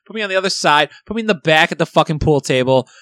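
A man's voice: a little high, lively intonation, quick pace, a bit bright, no echo. Guy rambling thru a story, lots of ums, swears a bunch, dry close sound. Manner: rambling, profane storytelling with many fillers. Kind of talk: casual chat.

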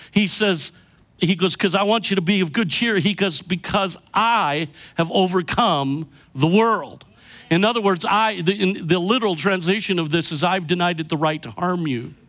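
High-voiced man preaching emphatically. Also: a bit bright. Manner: emphatic preaching, slows down for key lines. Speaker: pastor. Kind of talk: sermon.

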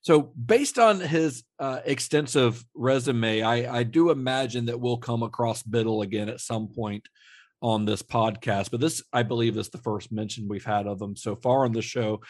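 A man's voice: mid-range voice, normal speed, no echo, studio quality. A man co-hosting a podcast, chatting casually about film trivia with plenty of fillers and restarts. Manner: relaxed, rambling with frequent fillers and restarts. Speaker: podcast co-host.

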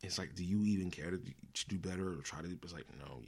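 A man's voice: low-pitched, fast talker, creaky, few pauses, breathy edge. A man hosting a casual commentary show, ranting angrily with lots of swearing, slang and restarts. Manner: angry, profane, rambling with restarts and slang. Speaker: podcast host.

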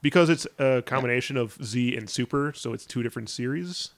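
A young man with a gravelly voice talks casually as a podcast co-host. He is laid-back and hesitant, full of fillers, recorded dry and close. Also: mid-range voice, brisk, no echo. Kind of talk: casual chat.

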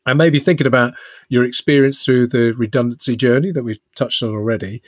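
A man's voice: medium pitch, fairly even intonation, fairly quick, no room sound, clean studio sound. A man co-hosting a podcast, asking long, rambling questions with fillers in a friendly way. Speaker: podcast co-host. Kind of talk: casual podcast interview.

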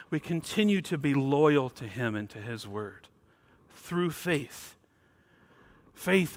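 A pastor preaches a sermon emphatically, swinging between loud, stressed words and quiet, low asides.

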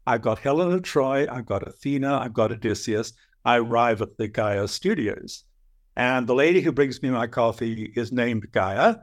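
An older man with an Australian accent, a guest telling animated stories and acting out voices. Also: mid-range voice, normal speed. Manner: lively anecdotal storyteller, acts out voices. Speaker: guest, dream teacher. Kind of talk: animated storytelling.

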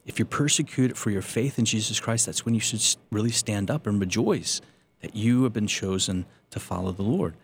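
A man with a fairly low voice tells his own conversion story as a Catholic priest. He speaks earnestly and pokes fun at himself along the way. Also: expressive, moderate pace, slight background noise. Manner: earnest storytelling with self-deprecating humor. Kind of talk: personal faith testimony.

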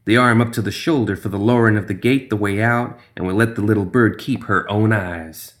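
A man's voice: lowish voice, a little fast, close to an everyday voice. A man voicing a sinister, hissing female creature who gambles greedily and repeats herself slyly. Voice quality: hissing, sly repetitions.

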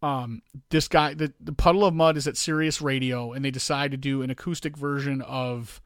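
A man hosting a podcast, chatting casually and telling stories in a laid-back, animated way. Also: medium pitch, normal speed, clean tone, no room sound, clean studio sound. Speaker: podcast host. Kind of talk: casual chat.

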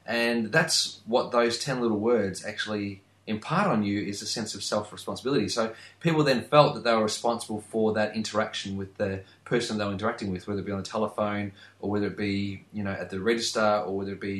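A man's voice: fairly low pitch, steady tone, fast, few pauses, a bit bright, roomy sound. A man, chatting earnestly as a podcast co-host. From Australia. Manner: earnest, emphatic, repeats phrases. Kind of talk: casual podcast chat.

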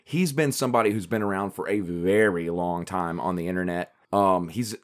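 A man's voice: deep voice, normal speed. A man with a Southern US accent co-hosting a podcast in casual, rambling chat. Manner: chatty, rambling with restarts and laughs. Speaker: podcast co-host.

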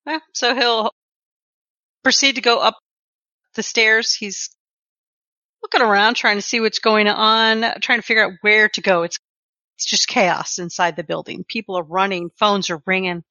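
A woman's voice: mid-range voice, normal speed, dry recording, highs cut off. Woman game master narrating scenes. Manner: descriptive, steady narration.

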